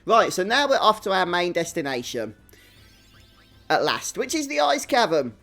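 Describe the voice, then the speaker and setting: A young man from Birmingham talks through his game stream in a broad Brummie accent, his voice pitched a little high. He chats easily with viewers and laughs at himself, with quiet game music faintly audible behind him. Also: sing-song, normal speed, gravelly. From England. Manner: chatty, reads and answers chat viewers; self-deprecating, laughs often. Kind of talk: live stream game commentary.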